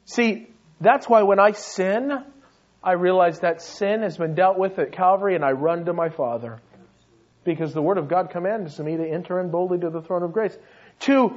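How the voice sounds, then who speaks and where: A man with a very high voice delivers a sermon with sweeping intensity. He drops to hushed, intimate tones, then rises to shouting fervor. The recording is dull and lo-fi. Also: normal speed. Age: adult with young sons. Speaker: pastor.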